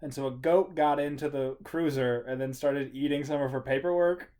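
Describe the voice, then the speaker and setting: A man co-hosting a casual podcast, telling a story in an animated way and laughing as he goes. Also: mid-range voice, normal speed. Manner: animated, acts out his own story with laughter. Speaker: podcast co-host.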